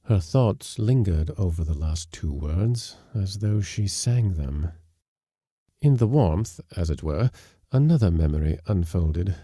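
A man narrating a short story in a measured, calm reading. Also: low-pitched, dry recording, clean studio sound.

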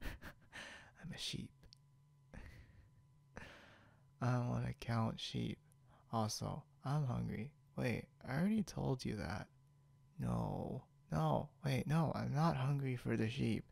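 Male actor as a tipsy, sleepy young guy for whispered role-play: very gravelly, slow drawl, giggly rambling. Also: mid-range voice, a little mellow, full character voice. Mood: drowsy, silly. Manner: rambling, giggly, loses his train of thought. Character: drunk, sleepy young man, silly and rambling.

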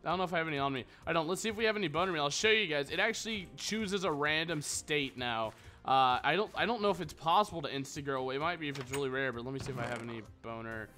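A man's voice: fairly high pitch, fast, pushed and bright. Crude joking young gamer man. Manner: rambling, crude, joking, talks to his pig. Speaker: gaming YouTuber. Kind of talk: casual Minecraft let's play commentary. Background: background music.

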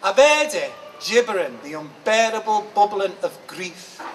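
A man's voice: sits high, lively intonation, unhurried. A man with a Liverpool accent performing a poem live at a book market, with a rhythmic, emphatic, dramatic delivery. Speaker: performance poet. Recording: distant mic, faint background noise.

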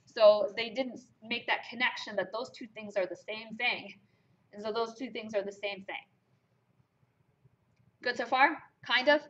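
A woman's voice: fairly high pitch, a little slow, long pauses, fairly bright tone. A woman teaching a calculus class, explaining step by step and checking in with her students with questions. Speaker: math teacher. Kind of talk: classroom lecture. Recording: dull lo-fi classroom recording.

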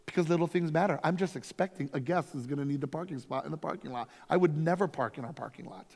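A man, a lead pastor, teaching a conference workshop through energetic, emphatic stories. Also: a little high, quick pace, vocal fry. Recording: long reverb from a hall.

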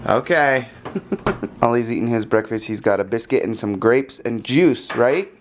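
A man's voice: medium pitch, animated, a little slow, noisy background. A man hosting a casual family vlog, chatting playfully with his kids and the viewers. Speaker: vlog host, father. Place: outdoors on a home porch.

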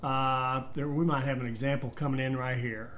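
A man's voice: mid-range voice, steady tone, moderate pace, fairly bright tone. Man rambling through a let's-play. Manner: rambling, thinks aloud with fillers and restarts. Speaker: game commentator. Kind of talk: casual let's-play commentary.

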